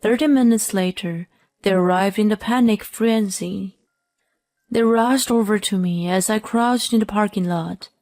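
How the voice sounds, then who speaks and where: Woman narrator, unhurried scripted first-person telling, mid-pitched, faint music under it. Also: dry recording. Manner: slow, even first-person storytelling. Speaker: story narrator.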